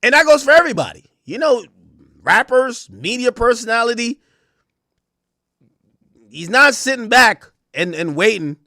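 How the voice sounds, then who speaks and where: A man's voice: very high-pitched, sing-song, moderate pace, long pauses, sharp tone, no echo, studio quality. A man hosting a stream, giving heated, casual commentary in an emphatic, slangy way and laughing often. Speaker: streamer host.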